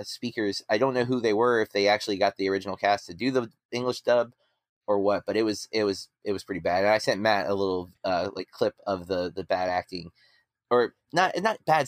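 A low-voiced man speaks into a dry, close mic. His podcast chat about a film rambles and halts, with lots of ums and restarts. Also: dry recording. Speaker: podcast co-host. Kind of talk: casual movie-review chat.

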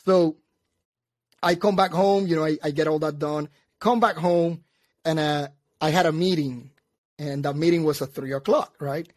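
A man with a notably high voice tells stories in a lively, casual way, jumping into the voices of the people in his tale. The recording is dry and close, with no room sound. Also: moderate pace, dry recording. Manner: animated, acts out both sides of his story, laughs at himself. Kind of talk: casual storytelling chat.

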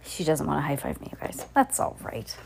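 Woman, podcast host, storybook read-aloud, low voice, playful asides. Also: big pitch swings, a little fast, creaky, background noise. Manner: chatty, playful asides to a child. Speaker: podcast host reading to kids.

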